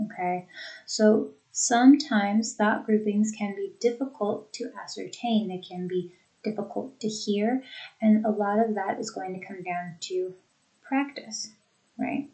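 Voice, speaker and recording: A woman teaching a pronunciation lesson, speaking deliberately and modeling example sentences. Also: mid-range voice, gravelly, a little mellow, rough recording. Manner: slow, deliberate, demonstrating phrasing by example.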